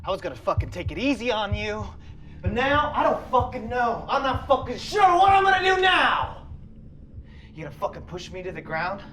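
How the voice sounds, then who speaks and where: In this film dialogue, an actor plays a volatile, foul-mouthed male home invader who swings from low muttering to shouted threats. There's slight background noise.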